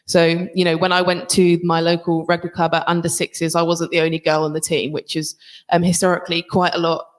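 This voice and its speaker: A woman's voice: on the low side, level tone, fairly quick. A woman rugby player and coach answering panel questions in a chatty way, with many fillers and restarts.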